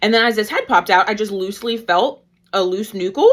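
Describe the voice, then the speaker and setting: A woman in her thirties, a midwife guest telling her story in a casual, animated way and acting out her own past lines. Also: a little fast. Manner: animated, quotes herself with pitch jumps. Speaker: guest, certified nurse-midwife and mother.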